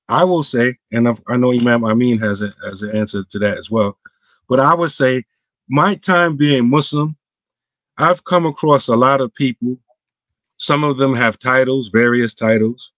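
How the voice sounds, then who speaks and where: A man's voice: mid-range voice, moderate pace, a bit bright, no echo. A man, an imam, answering viewer questions on an online roundtable in a casual, emphatic way, his voice climbing when he stresses a point. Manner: casual, clipped everyday grammar.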